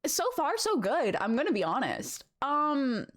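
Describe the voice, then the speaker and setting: A woman's voice: sits high, sing-song, unhurried, a bit bright. A young woman chatting casually with her live-stream chat from home, bubbly and rambling, laughing often.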